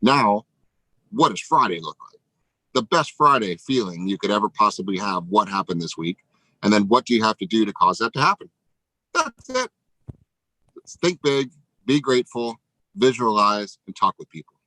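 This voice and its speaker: A man giving an energetic motivational pep talk as a sales coach, emphatic, tagging lines with "right?". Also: on the low side, moderate pace, long pauses, dry recording, low-quality recording.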